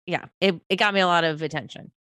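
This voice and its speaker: Woman, low voice, nasal and sick, rambling casual chat, dry close sound. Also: fairly even intonation, fast, a bit bright, dry recording. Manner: rambling, swears casually, laughs often. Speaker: podcast co-host. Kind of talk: casual chat about astrology.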